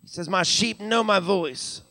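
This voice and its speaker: Pastor guy preaching live in church, high bright voice, stutters words as he builds, dry sound. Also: measured pace, no echo. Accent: Western Pennsylvania. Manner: repeats words when building up, calls out hallelujah. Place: church sanctuary.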